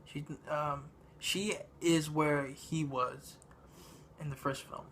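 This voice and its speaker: A man giving a casual spoken movie review, halting and meandering, with lots of ums and uhs. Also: fairly high pitch, steady tone, a bit bright, a little hiss or hum. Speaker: film reviewer.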